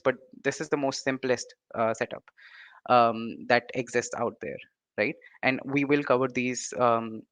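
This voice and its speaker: A man's voice: medium pitch, a bit bright, no room sound. Indian-accented man explaining, dry close sound. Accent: Indian English. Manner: halting, many fillers and restarts, ending points with "right?". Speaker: presenter. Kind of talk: online lecture.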